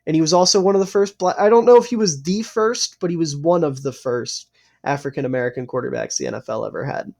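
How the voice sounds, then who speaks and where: A man from the East Coast of the US, chatting on a podcast recorded over a call. He talks earnestly and explains things at length, in a voice a little higher than most men's. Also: fast talker, creaky, darkish tone. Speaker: podcast host. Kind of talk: casual podcast chat. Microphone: remote call.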